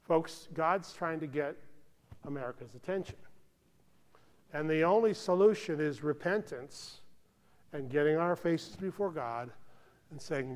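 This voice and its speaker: An American man delivers a sermon in a conversational, earnest way, with a voice sitting a touch high for a man. He keeps checking in with the congregation and drops to near-hushed tones on solemn points. The sound carries a long reverb from a large hall. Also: a little slow, long pauses. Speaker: pastor.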